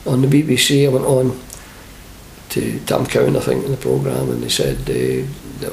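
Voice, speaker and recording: In an interview, an older Scottish man who used to manage a football team tells lively anecdotes and does the voices of the people involved. His voice is mid-range, creaky, and at a normal speed. The recording has an echoey room and faint hiss.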